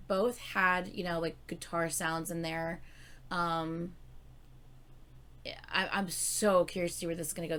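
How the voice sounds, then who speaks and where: A woman giving casual reaction commentary late at night, tired and yawning, bursting into excited exclamations and swearing. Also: on the low side. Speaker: music reaction YouTuber.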